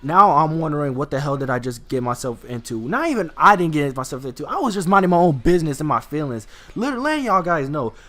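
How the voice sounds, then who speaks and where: A man's voice: mid-range voice, a bit bright. Young man rambling through a storytime. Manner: rambling, profane, many restarts and fillers. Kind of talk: casual storytime.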